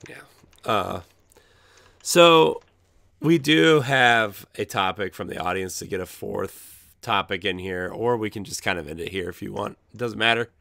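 A hoarse man co-hosting a gaming podcast, joking and self-deprecating. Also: fairly low pitch, a little slow, pushed and bright, no echo. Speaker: podcast co-host. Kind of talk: casual chat.

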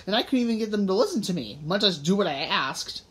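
A woman's voice: mid-range voice, sing-song, fast, fairly bright tone. Woman reading as a scoffing grumpy schoolboy. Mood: skeptical. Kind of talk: audiobook reading.

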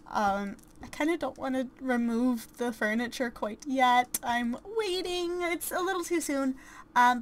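A woman's voice: high voice, a bit bright, slight background noise. A woman casually commentating a life-sim game, chatty and self-deprecating, with frequent ums and small laughs. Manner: chatty and self-deprecating, with many fillers and giggles. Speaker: gameplay commentator. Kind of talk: casual let's-play commentary.

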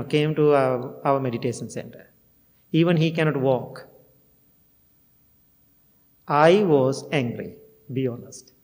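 This middle-aged Buddhist monk's voice is on the high side and a little mellow as he shares a heartfelt storytelling dharma talk at a temple. He sometimes laughs at himself; long hall reverb fills the meditation hall recording.

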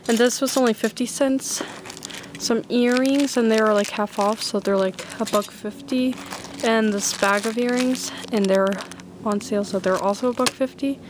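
A teenage girl chatting excitedly in a casual haul video, full of "like" and "oh my gosh". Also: fairly high pitch, normal speed, background noise. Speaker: vlogger showing a thrift haul.

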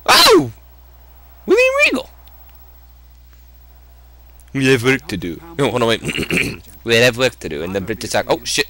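Young-sounding guy yelling and cursing at a wrestling game, bright voice that jumps all over. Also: mid-range voice, a little fast. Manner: excitable, loud swearing outbursts. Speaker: gamer playing a wrestling game. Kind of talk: profane casual let's-play chat.

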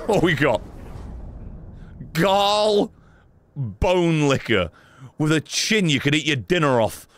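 A man giving sarcastic, excitable let's-play commentary, swearing often and talking back to characters in the game. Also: a little high, slow. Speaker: gaming streamer.

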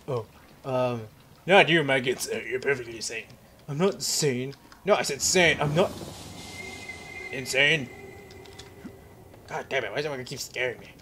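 A man's voice: mid-range voice, expressive, normal speed, pauses often, fairly bright tone, husky. A young man giving let's play commentary on a horror game, rambling and joking to himself. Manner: jokey, rambling self-talk. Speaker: gaming commentator.

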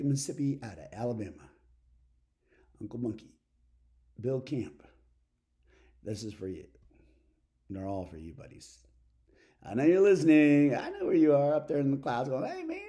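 A man's voice: medium pitch, warm tone. A man from Texas with a Southern accent, telling a meandering, folksy comic story as a preacher character. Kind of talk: rambling comic monologue.

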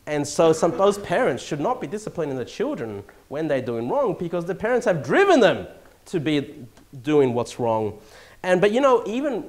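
An Australian man preaching a sermon in church, his pitch sitting a little high and swooping all over the place. He jumps from loud emphatic lines to near-hushed asides and chuckles as he goes. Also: sing-song, normal speed. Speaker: pastor.

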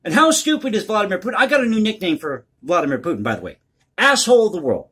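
Male commentary host with a high, husky voice, blunt and crass in his opinions. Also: big pitch swings, fast talker, a bit bright.

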